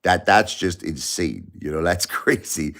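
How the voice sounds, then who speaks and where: Male live streamer, very low voice, rambling casual chatter at home. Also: expressive, a little slow, vocal fry, a bit bright. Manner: rambling, repeats himself, talks to chat by name. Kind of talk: casual late-night live stream chat. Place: home at night, family asleep.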